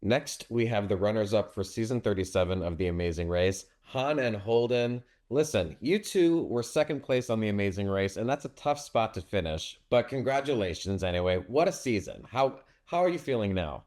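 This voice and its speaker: Low-voiced male interviewer. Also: lively intonation, moderate pace, hardly any pauses, a little mellow. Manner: friendly, congratulatory. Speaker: entertainment interviewer. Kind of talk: interview hosting.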